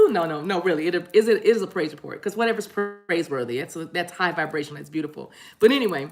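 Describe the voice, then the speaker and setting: Talking fast in a lowish, expressive voice, a tarot reader chats casually with her livestream audience while pulling cards. Her delivery is rambling, full of laughter, restarts, apologies, and friendly mentions of "y'all."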